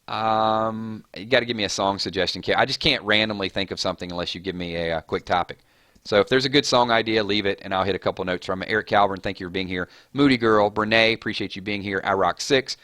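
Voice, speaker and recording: Man, low voice, dry close sound, casual live stream host, rapid-fire shout-outs. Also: no room sound. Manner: rapid-fire, chatty, reading names off chat.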